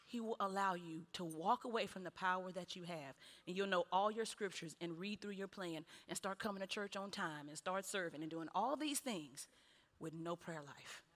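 A woman preaching a sermon, animated, with punchy repeated refrains and laughing between lines. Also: fairly low pitch, normal speed. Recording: long hall reverb.

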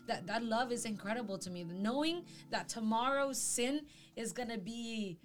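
A woman's voice: on the high side, lively intonation, normal speed. A woman in casual faith talk, earnest and reflective as a co-host. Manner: earnest, reflective, quotes scripture. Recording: faint music behind.

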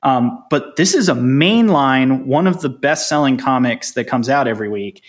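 A man co-hosting a casual podcast chat, explaining things briskly and chuckling often. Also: mid-range voice, animated. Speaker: podcast co-host.

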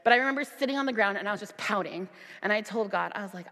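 A woman's voice: rapid-fire, pushed and bright. A young woman worship leader giving a sermon with personal testimony, earnest and at times emphatic. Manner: earnest, rising to emphatic high peaks in retold dialogue. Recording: long hall reverb.

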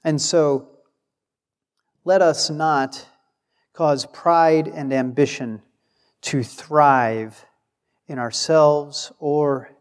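Male preacher, unhurried and emphatic, lingering reverb of a large hall. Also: on the high side, steady tone, clear, resonant tone. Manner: emphatic, acts out quoted replies. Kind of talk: sermon.

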